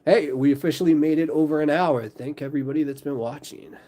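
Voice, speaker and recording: A man's voice: fairly high pitch, steady tone, fast, dark tone. A man hosting a live stream in casual chat, rambling with lots of fillers.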